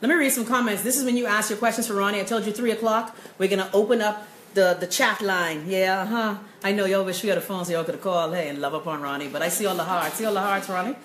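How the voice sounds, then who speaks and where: A woman's voice: medium pitch, fast, few pauses. Chatty Bahamian woman hosting a livestream. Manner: chatty, upbeat, greets viewers by name. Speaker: host of a live show. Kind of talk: live-stream chat, reading comments. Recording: echoey room with faint noise.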